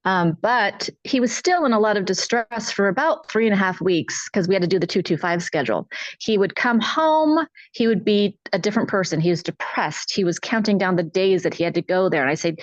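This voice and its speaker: A woman's voice: mid-range voice, lively intonation, fairly quick, no room sound. A middle-aged woman telling her own story as a panel guest, earnest and distressed as she recounts details. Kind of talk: personal account on a podcast panel. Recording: dull lo-fi dry sound.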